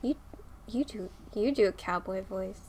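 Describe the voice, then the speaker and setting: A woman's voice: mid-range voice, measured pace, warm tone, slight background noise. A woman co-hosting a podcast in casual chat, giggly and self-conscious, laughing often. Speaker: podcast co-host.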